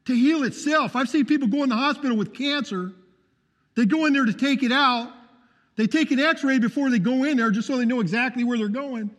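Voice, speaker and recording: A man's voice: extremely high pitch, fairly quick, a bit bright. A man giving a fervent preaching testimony, calling out for amens. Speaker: testimony speaker. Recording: long hall reverb.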